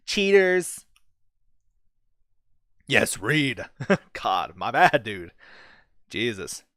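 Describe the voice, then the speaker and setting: Profane animated male streamer, dry mic. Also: medium pitch, smooth, no room sound. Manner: profane, animated, storytelling with dramatic hushed build-ups. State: bit his cheek, sore mouth. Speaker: livestream host reading chat. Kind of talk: casual livestream chat.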